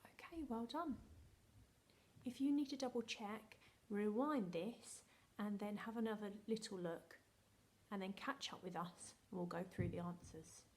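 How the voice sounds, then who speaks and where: A woman's voice: medium pitch, measured pace, darkish tone. A woman teaching a recorded phonics lesson to young children, in a sing-song, encouraging way, drawing out each letter sound. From England. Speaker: primary school teacher.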